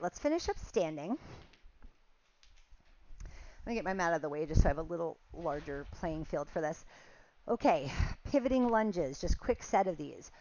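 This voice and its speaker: A woman, a movement coach, guiding a home workout in a friendly, instructive way. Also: medium pitch. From Connecticut. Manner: friendly, instructive, chatty asides. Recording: slightly dull, lo-fi sound.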